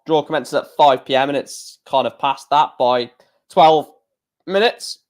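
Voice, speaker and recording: A man hosting a casual live stream, talking in an excitable, rambling way with many restarts. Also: a little high, unhurried.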